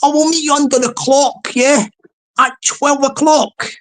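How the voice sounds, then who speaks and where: A woman voicing a mouthy male online tough guy who shouts threats in a Scottish accent. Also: high-pitched, steady tone, unhurried. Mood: threatening.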